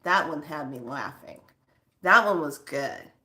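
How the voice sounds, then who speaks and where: A woman's voice: low-pitched, animated, a little slow, pushed and bright. A woman vlogger chatting casually with her viewers, laughing often and swearing for emphasis. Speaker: spiritual vlogger.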